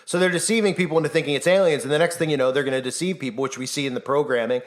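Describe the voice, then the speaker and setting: A Christian YouTuber speaks to camera on his own channel in an impassioned monologue. His voice sits on the high side, with fairly even intonation and a rapid-fire delivery. He is urgent and insistent, firing off rhetorical questions and acting out the voices he quotes.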